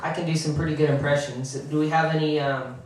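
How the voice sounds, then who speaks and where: A young man doing a halting, awkward stand-up comedy set, often restarting and chuckling. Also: a little high, fairly even intonation, heavy background noise. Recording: echoey room from far off.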